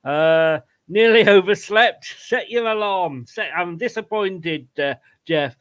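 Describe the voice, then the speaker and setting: A man hosting a casual football watchalong, chatting with guests and reading viewer comments in quick asides. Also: high-pitched, a bit bright. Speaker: host.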